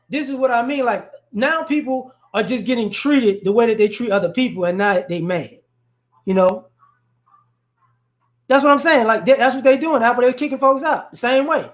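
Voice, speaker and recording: A livestream host with a very high-pitched voice speaks at normal speed, launching into an unscripted rant of blunt, confrontational social commentary. He rambles and repeats words as he builds each point, and the recording has a roomy echo.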